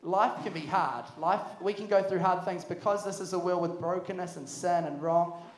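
A young man preaching to a youth camp, energetic and jokey. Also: high voice, moderate pace. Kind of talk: sermon. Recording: echoey hall.

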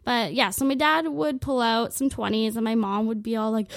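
A woman's voice: on the high side, steady tone, normal speed, creaky, hardly any pauses, no room sound, clean studio sound. A woman in her twenties giving a comedic rant monologue, rambling and crude, packed with filler words and swearing. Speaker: vlogger.

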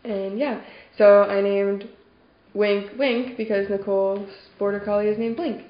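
A woman's voice: mid-range voice, measured pace. A young woman telling a story in a casual group chat, acting out what people said and filling her talk with "like". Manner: animated storyteller, acts out quotes, many "like"s. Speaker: dog trainer on team podcast. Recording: echoey room, dull lo-fi sound.

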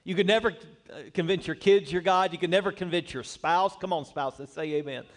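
A man's voice: high voice, fairly quick. A man preaching a sermon, speaking emphatically, posing rhetorical questions to the congregation and telling humorous personal stories. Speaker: pastor.

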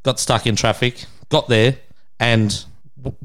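Speaking slowly in a steady, medium-pitched voice, this Australian co-host in his thirties tells crude stories on a casual podcast. He laughs as he goes and performs the quoted voices of the people involved.

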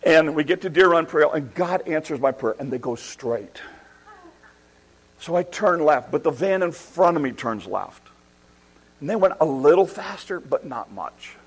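A middle-aged man preaching a sermon as a pastor, telling a story with animated, self-deprecating humor and excited restarts. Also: a little high, measured pace, breathy edge, poor audio. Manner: restarts and repeats words when excited.

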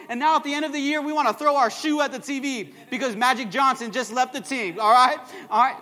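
Pastor, male, very high and sharp-toned, rallies the congregation mid-sermon; church reverb. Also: fast talker, few pauses. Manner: energetic, calls to the crowd with "come on, somebody" and "all right?". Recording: long church hall reverb.

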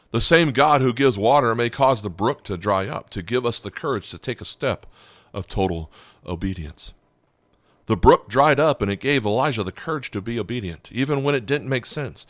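A man preaching a sermon as a pastor, telling the story with lively acted-out dialogue. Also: lowish voice, dry recording. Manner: animated storytelling, acting out dialogue.

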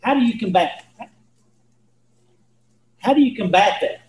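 High-voiced guy preaching, folksy, echoey room. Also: expressive, a little slow, slight background noise. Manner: folksy, earnest, repeats himself, asks the listeners questions. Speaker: Bible teacher. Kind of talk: sermon.

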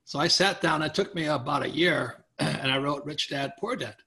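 A guest author with a strikingly bright voice, a touch higher than most men's, tells an interviewer a long anecdote at normal speed. He energetically acts out the people he quotes and keeps the story moving along.

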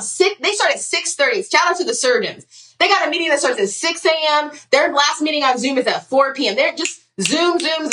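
Frank, sassy woman with a high voice. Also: a bit bright, distant mic. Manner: frank and sassy, poses rhetorical questions, acts out quoted people. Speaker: podcast host giving career advice. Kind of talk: candid advice monologue.

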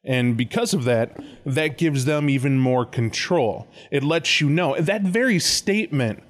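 A man co-hosting a casual podcast, rambling with profanity and quick, animated asides. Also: a little high. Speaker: podcast co-host.

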